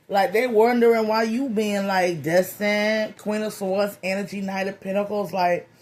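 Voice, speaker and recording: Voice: mid-range voice, darkish tone. A tarot reader giving a comedic reading in a loose, slangy, playful way, with profane jokes and lots of repeated phrases. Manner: profane joking.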